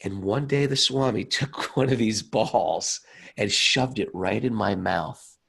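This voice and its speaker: A man voicing an excited street man who fondly recalls an old friend. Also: on the low side, slow, vocal fry, breathy edge, exaggerated voice. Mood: wistful.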